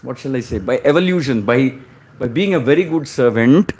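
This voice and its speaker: A man's voice: medium pitch, animated, a little fast, darkish tone. A man preaching a sermon, retelling scripture stories and acting out their dialogues.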